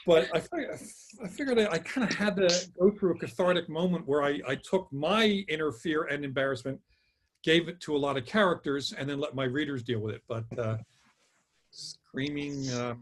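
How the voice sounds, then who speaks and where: Husky high-voiced man telling a story. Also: normal speed. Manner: animated, acts out quotes. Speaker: guest author. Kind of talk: casual storytelling.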